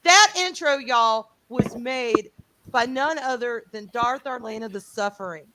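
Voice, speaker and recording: A woman's voice: fairly high pitch, measured pace, noisy background. A woman hosting a livestream panel, talking in an effusive, rambling way and laughing often. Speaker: host.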